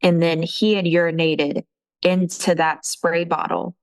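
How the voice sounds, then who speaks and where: A woman's voice: on the low side, little pitch movement, rough recording. Candid woman recounting her story. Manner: candid, halting, with frequent fillers. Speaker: interviewee telling her story. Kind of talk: emotional personal recounting.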